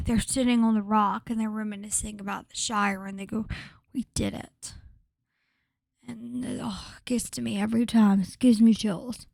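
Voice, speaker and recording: A woman vlogger with a slightly high voice, recorded close and dry with no room sound. She gushes in a casual, rambling way, full of fillers and restarts, often slipping into a breathy whisper. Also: dry recording. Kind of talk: casual vlog commentary.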